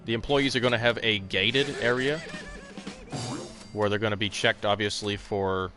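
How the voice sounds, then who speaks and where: A man's voice: on the low side, normal speed, over music. A man hosting a casual let's play stream, rambling and swearing, with lots of fillers. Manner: rambling, profane, full of fillers. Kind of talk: casual gameplay chat.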